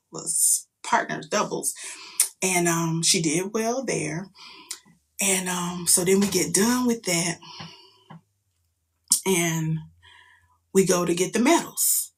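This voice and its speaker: A middle-aged woman, a mother, telling a story in casual chat, animated and profane, jumping into loud quoted outbursts. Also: medium pitch, slightly rough.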